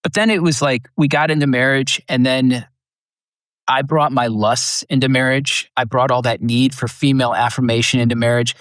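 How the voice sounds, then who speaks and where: A man's voice: mid-range voice, fairly even intonation, moderate pace, fairly bright tone, dry recording, studio quality. A middle-aged man, a podcast guest, earnestly telling a personal testimony and acting out the people he quotes. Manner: earnest storyteller, acts out quoted lines. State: emotional, near tears at times.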